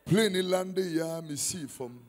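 A man with a Ghanaian accent preaching a conference sermon, mixing Twi and English and bursting into shouts. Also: high-pitched, slow. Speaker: prophet. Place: conference hall.

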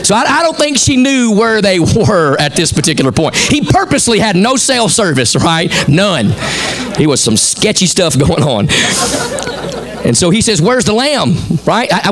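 A high-pitched, middle-aged man with a Southern American accent preaches as a pastor. His sermon is folksy and spirited, and he acts out each person in the tale with fast character voices.

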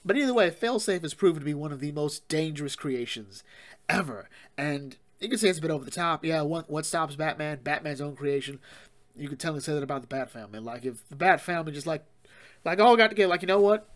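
A man hosting a casual comic book talk show, recapping the story in an animated, rambling way and acting out characters' lines. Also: on the high side. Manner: animated, acts out characters' lines in quick voices; laughs often, rambling with fillers. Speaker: comic book podcast host.

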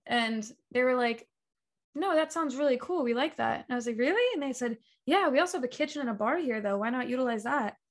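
Chatty woman telling a story, high voice. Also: fast talker, hardly any pauses. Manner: animated storyteller, acts out quoted dialogue, laughs often. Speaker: guest, talk show creator. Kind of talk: casual interview chat.

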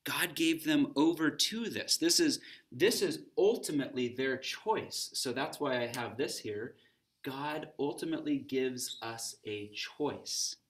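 A man's voice: medium pitch, expressive, unhurried, a bit bright. A man teaching a recorded Bible lesson for students, talking in a conversational way and stopping to pose questions.

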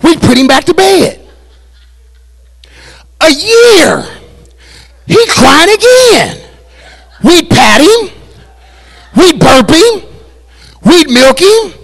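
High-voiced male pastor preaching. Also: big pitch swings, extremely slow, creaky, pauses often. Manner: preaching with repetition, building to shouted climaxes. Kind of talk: sermon at a Bible study. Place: church.

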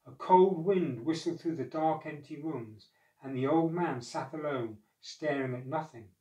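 A man narrating a storybook, measured and expressive. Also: fairly high pitch. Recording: echoey room, far from mic.

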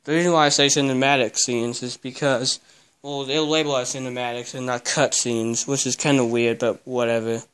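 A young man vlogging while he tidies a messy bedroom, grumbling and cursing as he goes. His voice is smooth and clear, sitting at a middle pitch for a man. He is recorded on camera in the room. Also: level tone, moderate pace, fairly bright tone. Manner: grumbling, swears a lot. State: out of breath. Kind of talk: casual vlog while cleaning. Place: cluttered bedroom, indoors.

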